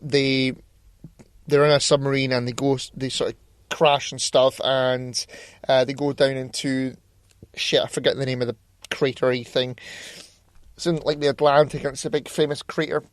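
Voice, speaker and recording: A man's voice: mid-range voice, little pitch movement, normal speed, no room sound, clean studio sound. A man co-hosting a podcast in casual chat, jokey and rambling, swearing freely. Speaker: podcast co-host.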